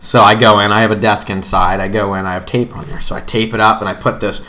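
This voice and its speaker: A young man co-hosting a casual podcast, telling stories with profane, animated energy. His voice sits low yet sounds bright and forceful. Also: fast talker. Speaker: podcast co-host. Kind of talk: casual storytelling among friends.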